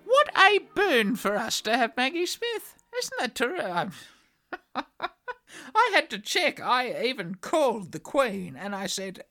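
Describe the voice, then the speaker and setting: Bright, playful woman co-host. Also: on the high side, very animated, a little slow, soft background music. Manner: playful, rambling, laughs easily. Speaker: podcast co-host. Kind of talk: comic banter.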